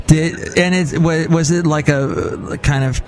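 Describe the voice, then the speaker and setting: A man hosts a podcast in a slightly raised voice, chatting casually with his guest. He jumps in with quick, eager reactions. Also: fairly high pitch, fairly even intonation, soft background music. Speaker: podcast host. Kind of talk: casual interview chat.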